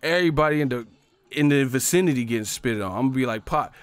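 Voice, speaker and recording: A man on a profane, animated comedic rant, laughing often as he talks. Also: mid-range voice, fast talker, clean tone, dry recording.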